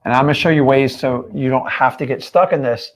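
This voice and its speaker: A man's voice: medium pitch, steady tone, a little fast, a little hiss or hum. A man teaching in a live stream, punchy and emphatic, firing rhetorical questions at his viewers. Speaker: real estate coach.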